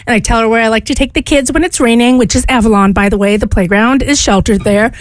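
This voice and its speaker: High-voiced Southern woman telling stories. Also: fast talker. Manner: animated, self-mocking storyteller. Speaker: radio co-host. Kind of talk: casual storytelling. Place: radio studio.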